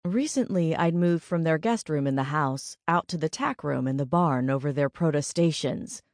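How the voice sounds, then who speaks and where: Here a woman with a low voice narrates an audiobook from a script, calm and evenly paced. It's a dry recording of studio quality.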